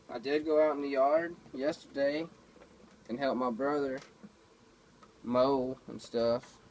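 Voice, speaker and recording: A laid-back man rambles to his camera at home, trading everyday stories peppered with fillers and swearing. His voice sits at a middling pitch, with a faint hum underneath. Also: darkish tone, rough recording. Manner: laid-back, profane, storytelling with many fillers. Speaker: vlogger. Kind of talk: casual rambling monologue. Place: home, indoors.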